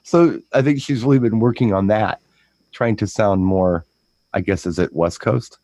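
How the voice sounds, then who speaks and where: Rambling, low-voiced man DJ chatting. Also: dark tone, dry recording. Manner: rambling storyteller, repeats words, breaks into quick impressions. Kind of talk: casual chat.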